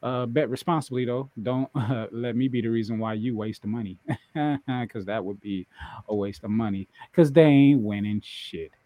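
A man's voice: mid-range voice, normal speed, warm tone. A man co-hosting a casual wrestling podcast, bragging and trash-talking with lots of swearing and laughter. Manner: boastful, profane, laughing trash talk. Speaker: podcast co-host.

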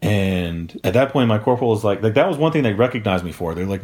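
A fast-talking young man with a voice on the low side co-hosts a podcast, relating a long story casually. He swears a great deal and animates it with quoted voices.

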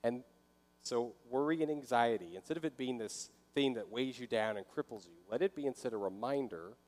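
A man's voice: mid-range voice, brisk, darkish tone. A man delivers a sermon in an easy, conversational manner. He sometimes slips into short voices of a worried listener. His voice rings with a long hall reverb. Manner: conversational, acts out inner voices. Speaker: pastor.

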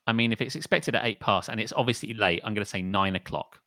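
A man's voice: lowish voice, quick pace, pushed and bright, dry recording, studio quality. A man co-hosting a stream from a distance, chatting casually and chiming in with laughs and reactions. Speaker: streamer co-host. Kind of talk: casual chat.

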